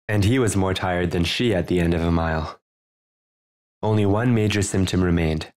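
A man reading his own book aloud as an audiobook, telling a first-person story in a measured, earnest way. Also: low voice, darkish tone. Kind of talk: audiobook narration.

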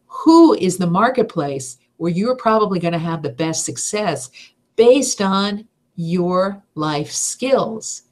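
Energetic middle-aged woman teaching voice-over. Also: fairly low pitch, takes it slowly. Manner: energetic, emphatic, upbeat. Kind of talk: seminar talk.

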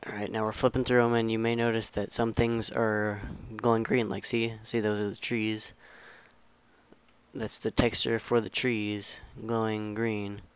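A young man talks through a game modding tutorial in a low, smooth, clear voice. His delivery stays flat and even as he rambles and corrects himself along the way. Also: moderate pace. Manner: rambling, self-correcting, relaxed instructions. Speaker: tutorial maker. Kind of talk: casual screen-recorded game tutorial.

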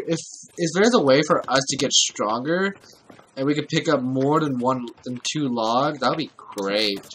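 Bright-voiced man narrating his gameplay. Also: medium pitch, slight background noise. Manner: swears often, talks to himself while playing. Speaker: gameplay commentator. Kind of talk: casual let's-play commentary.

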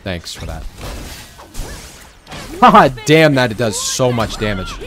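A man's voice: medium pitch, very animated, slow, bright, forceful tone, faint music behind. A young man giving casual, sarcastic gameplay commentary, joking and trash-talking his teammates. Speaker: gaming streamer.

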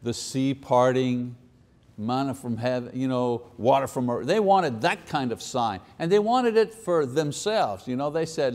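A man teaching a Bible lesson in a casual, conversational way, slipping into quick voices for people in the story. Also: medium pitch, darkish tone.

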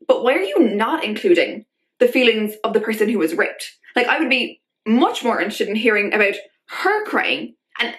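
Young woman ranting at the camera, highish voice, exasperated, says like nonstop. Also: a bit bright. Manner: ranty, exasperated, filler-heavy with constant "like". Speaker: vlogger. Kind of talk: casual commentary to camera.

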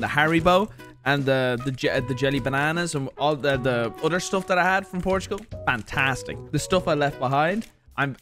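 A man's voice: medium pitch, a bit bright. Rambling Irish man reviewing snacks. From Ireland. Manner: rambling, jokey, mock-defensive outbursts. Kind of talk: casual snack review vlog.

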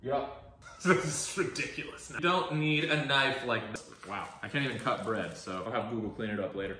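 A man's voice: mid-range voice, moderate pace, sharp tone, reverberant, distant mic, slight background noise. A man hosting a casual cooking vlog in a home kitchen, joking and self-deprecating as he rambles through the recipe.

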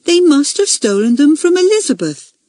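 A woman's voice: on the high side, big pitch swings, moderate pace, a little mellow, husky, dry recording, pitched above the performer's own voice. A woman voicing an eager little schoolgirl who speaks self-importantly. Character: little girl, eager tattletale.

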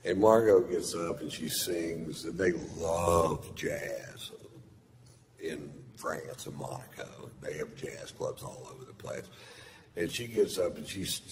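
Deep-voiced guy doing standup, slow drawl, swears a lot, faint room hum behind. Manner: drawling, profane, deadpan storytelling. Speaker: stand-up comedian. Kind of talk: stand-up storytelling. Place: live theater stage.

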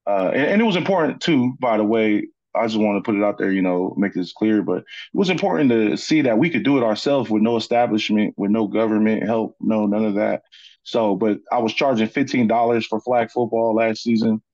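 A man from Sacramento, California, a podcast guest telling a story in a relaxed, casual way, full of "you know" fillers. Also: on the low side, fairly quick, no echo, muffled recording.

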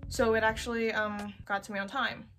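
A young woman chatting casually while browsing online, expressive and given to excited outbursts. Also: on the high side, brisk, soft background music. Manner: chatty, expressive, swings to loud excited squeals. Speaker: youtuber. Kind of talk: casual screen-recorded shopping commentary.

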